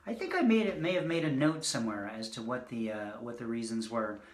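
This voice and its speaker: A man's voice: mid-range voice, expressive, brisk, reverberant. A man giving a casual poetry reading, rambling and joking between poems. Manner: rambling, self-deprecating asides between poems. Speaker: poet reading his work. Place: indoors, online reading.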